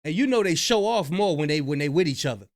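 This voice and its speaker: A man's voice: on the high side, lively intonation, quick pace, noisy background. A man hosting a reaction video, chatting loosely with slang and profanity about clips he plays. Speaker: reaction channel host. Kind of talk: casual commentary on clips.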